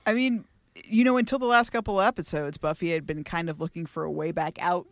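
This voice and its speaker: A woman's voice: lowish voice, quick pace, no room sound, clean studio sound. A woman co-hosting a podcast in casual chat, musing and speculating with plenty of fillers. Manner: thoughtful, speculative, frequent fillers. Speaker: podcast co-host.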